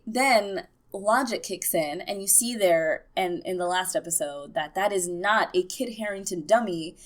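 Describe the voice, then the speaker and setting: A young woman giving a casual, excitable TV episode recap, full of fillers. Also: medium pitch. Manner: chatty and excitable, many fillers. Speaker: TV recap vlogger.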